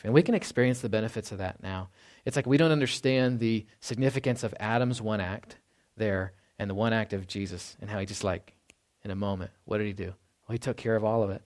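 A man's voice: on the low side, fairly quick. A man giving a casual, conversational sermon as a pastor. He chuckles often and ends many points with "right?". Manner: drops to a hushed voice when quoting.

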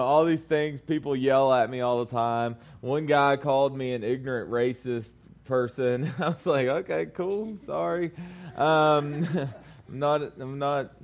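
A young man giving a casual youth sermon to a small group, telling a story in a chatty way with lots of fillers. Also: mid-range voice.

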